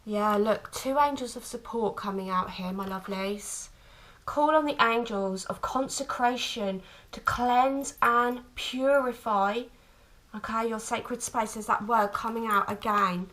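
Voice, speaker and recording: A woman giving an intuitive tarot reading to camera, speaking tenderly and haltingly, with frequent restarts. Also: a little high, fairly bright tone, poor audio. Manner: tender, calls listener "my lovely"; halting, many restarts and fillers. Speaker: tarot reader.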